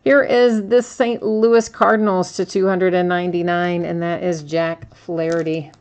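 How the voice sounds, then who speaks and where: Low-pitched woman, middle-aged, easygoing card break host; casual, chatty, quick to laugh. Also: level tone, darkish tone. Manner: chatty, laughs often, reads out cards and chat. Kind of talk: live stream card break commentary.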